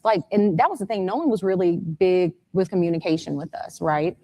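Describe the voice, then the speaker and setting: A fairly low, warm-toned woman speaks briskly as an interview guest whose son is missing. She walks through events step by step in detail, becoming urgent and frantic.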